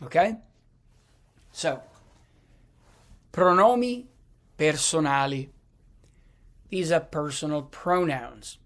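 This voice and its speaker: A man giving a video lecture on Italian grammar, speaking deliberately with many pauses, fillers and restarts. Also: a little high. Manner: deliberate, halting with frequent fillers and repeats.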